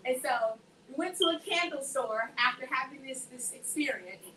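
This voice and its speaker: A woman shares her faith testimony with a group, animatedly acting out each person in her story. Her voice sits a little high and sounds bright and forceful. She is caught from some distance off the mic, in an echoey room with a faint hiss underneath. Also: normal speed. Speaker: speaker giving a faith testimony.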